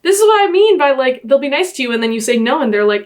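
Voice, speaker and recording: A young woman vlogger reading posts aloud and reacting in an exasperated, animated way, full of "like" fillers. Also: high voice, fast talker.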